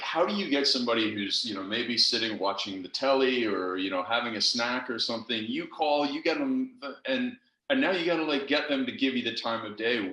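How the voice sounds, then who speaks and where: A man's voice: medium pitch, sharp tone. A male podcast host asking curious, conversational questions of his guest. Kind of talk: interview questions. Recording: echoey room.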